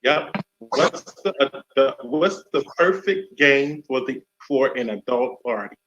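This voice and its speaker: A man's voice: medium pitch, animated, a little slow, fairly bright tone. A man hosting a casual group chat on a remote call, steering the talk and teasing the others. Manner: teasing, leads the conversation. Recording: muffled lo-fi call audio.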